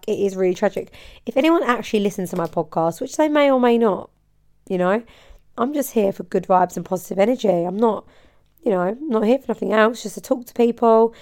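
A bubbly woman talks straight to her listeners in a loose, rambling podcast chat. Her voice sits at an everyday middle pitch, and she laughs easily between thoughts. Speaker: podcast host and hairdresser. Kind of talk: casual solo podcast chat.

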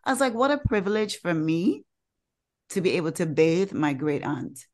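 A Caribbean woman co-hosting a podcast tells a personal story in casual, animated chat, voicing the people in it herself. Her voice is on the low side and her pace moderate.

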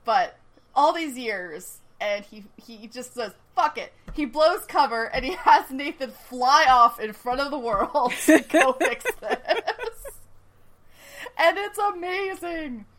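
A woman co-hosting a podcast in casual chat, animated, laughing often and swearing casually. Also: high-pitched, takes it slowly. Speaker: podcast co-host. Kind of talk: casual chat recapping a TV episode.

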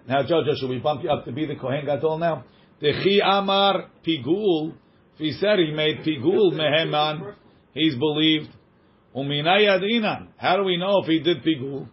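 A man teaching a text study class, reading passages quickly and translating them line by line, joking with his students. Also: fairly high pitch. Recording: dull lo-fi recording.

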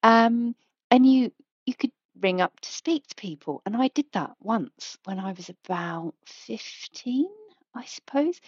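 A woman's voice: medium pitch, lively intonation, a little slow, darkish tone, breathy edge, dry recording. A woman, chatting frankly and rambling on her solo podcast. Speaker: podcast host. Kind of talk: casual solo podcast chat. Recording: dry, slightly dull home mic.

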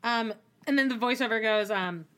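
Young woman, podcast co-host, high pitch, sarcastic, blunt. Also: normal speed, fairly bright tone, smooth. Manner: sarcastic, blunt, swears freely. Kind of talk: casual recap chat.

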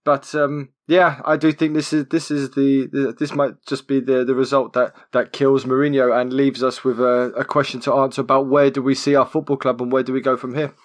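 A man's voice: medium pitch, little pitch movement, a little fast, few pauses. A man co-hosting a football podcast, speaking passionately and rambling, with many stumbles and repeated words. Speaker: podcast co-host. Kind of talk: casual football podcast chat.

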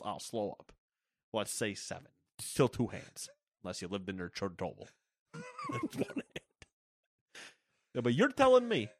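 A man's voice: mid-range voice, no echo, studio quality. A man co-hosting a casual gaming chat, ranting and swearing for laughs in a mock-executive bit. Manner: animated, profane, mock-ranting. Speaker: podcast co-host. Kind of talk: casual comedic chat about games.

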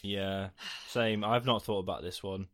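A man's voice: fairly low pitch, steady tone, measured pace, fairly bright tone. Dry matter-of-fact man co-hosting. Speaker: podcast co-host. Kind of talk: casual chat.

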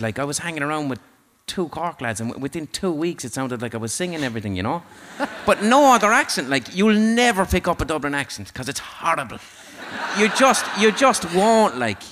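A man's voice: a little high, a bit bright. A man hosting a podcast in casual chat, rambling, jokey and irreverent. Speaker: podcast host.

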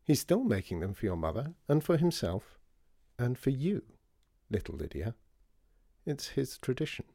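A man voicing a stern older woman, a family friend who scolds and then turns gentle. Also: medium pitch, big pitch swings, moderate pace, gravelly, long pauses, no echo, studio quality, voice pushed up.

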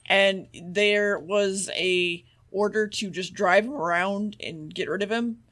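A man's voice: sits high, steady tone, slow pace, sharp tone. A man co-hosting a podcast, casually recapping an episode, swearing freely and acting out the characters' lines. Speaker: podcast co-host.

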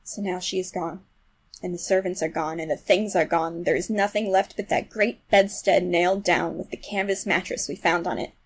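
Woman reading an audiobook, gravelly husky voice, hushed then emphatic. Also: lowish voice, steady tone, normal speed, low-quality recording. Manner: first-person storytelling, shifting from hushed to emphatic. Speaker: audiobook reader. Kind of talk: literary audiobook narration. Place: New York City.

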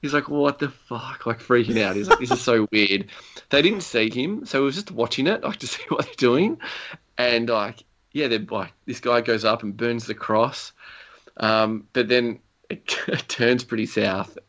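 A man's voice: medium pitch, expressive, normal speed, fairly bright tone. A young man chatting casually about a video game, rambling through stories with lots of fillers and chuckles. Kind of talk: casual gaming chat. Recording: slightly dull lo-fi recording.

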